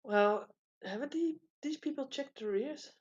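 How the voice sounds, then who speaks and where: A woman's voice: sits high, unhurried, darkish tone. A woman joining a panel chat, teasing the host and giggling between remarks. Her voice comes through a dull, muffled line.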